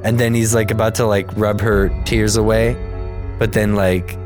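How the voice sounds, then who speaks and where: A man with a lowish voice chats casually, swearing freely and jumping into the characters' lines with animated energy. Faint music plays underneath. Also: normal speed. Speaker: podcast co-host recapping a cartoon episode. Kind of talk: casual chat.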